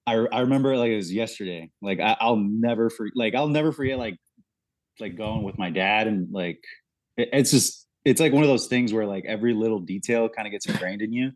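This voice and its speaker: A young man co-hosting a podcast, telling stories excitedly and saying "like" and "dude" constantly. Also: on the low side, brisk, no room sound. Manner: excitable, heavy use of "like" and "dude". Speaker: podcast co-host. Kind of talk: casual chat.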